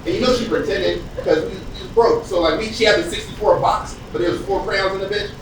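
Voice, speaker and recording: A man's voice: high voice, fairly even intonation, quick pace. A man from the US East Coast doing a profane, conversational stand-up set and acting out characters. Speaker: stand-up comedian. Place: comedy club stage with live audience. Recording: distant echoey club recording with audience noise.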